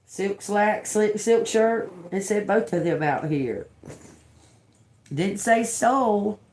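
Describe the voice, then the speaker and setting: An older woman doing a live tarot reading, talking slowly and bluntly with swearing, repeating words as she reads the cards aloud. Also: mid-range voice, darkish tone, slight background noise. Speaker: tarot reader.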